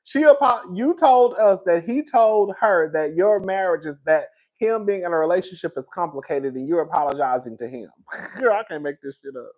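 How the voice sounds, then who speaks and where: Gossipy man, animated commentary. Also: sits high, normal speed. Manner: animated and gossipy, laughing between lines, calls his viewers "girl". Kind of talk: reaction commentary.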